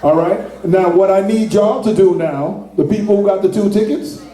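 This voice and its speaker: A man's voice: high-pitched, moderate pace, dark tone. A man joking with a crowd as he hosts a ticket giveaway at a live venue. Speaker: event promoter. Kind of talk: live event hosting to a crowd. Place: large indoor venue. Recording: echoey hall, distant mic.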